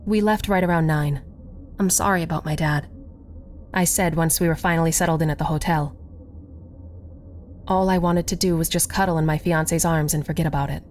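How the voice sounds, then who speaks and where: A woman's voice: low-pitched, steady tone, brisk, a little mellow, faint music behind. A woman narrating a first-person story, reading the dialogue expressively and giving each character a voice.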